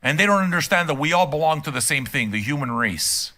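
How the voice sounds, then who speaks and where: A man's voice: a little high, animated, brisk, sharp tone. An older man streaming a reaction and ranting casually from his room, profane, emphatic and heated. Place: home room.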